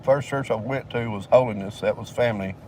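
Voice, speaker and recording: A man's voice: mid-range voice, fairly quick, a little mellow, recorded from a distance, a little hiss or hum. Profane older man telling stories. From southern United States. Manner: profane, rambling, drawling, laughs between lines. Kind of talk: casual storytelling.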